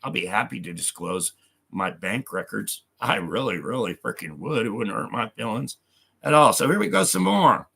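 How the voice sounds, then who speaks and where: A man ranting on a live stream, reading hostile comments aloud and firing back with angry profanity. His voice sits low, with a husky, raspy grain and a gravelly fry. He speaks of God and his own story with fervent conviction. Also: very animated, normal speed, sharp tone.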